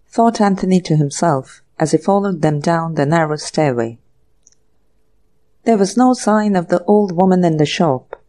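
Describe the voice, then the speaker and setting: A woman narrating an audiobook mystery in a slow, measured reading. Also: fairly low pitch, dark tone.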